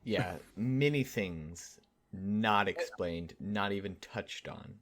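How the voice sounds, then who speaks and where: A man's voice: fairly low pitch, slow, a bit bright. A man co-hosting a casual movie review podcast, recapping the plot in a laid-back, dry way. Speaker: podcast co-host. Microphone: edits the recording himself.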